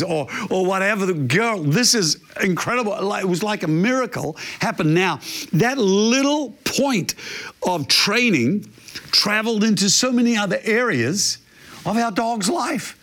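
Male pastor, high voice, animated storyteller, sermon. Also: a little slow. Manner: animated storyteller, imitates barking dog.

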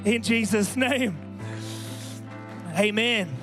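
A man preaching a sermon at a church service, impassioned and building to shouts. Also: sits high, drawn-out words. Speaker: pastor. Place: church service with worship band. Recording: music playing behind.

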